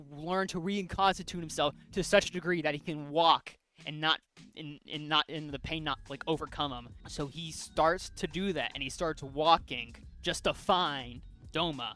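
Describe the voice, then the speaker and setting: A man with a fairly high, sharp voice co-hosts a podcast. He casually walks through a comic's plot, rambling and often using fillers and restarting.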